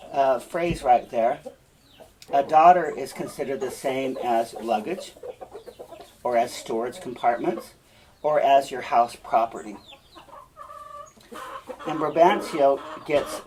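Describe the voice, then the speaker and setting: A man's voice: mid-range voice, takes it slowly, long pauses, darkish tone, a little hiss or hum. A male teacher giving a classroom lecture. He explains step by step and often checks in with the class.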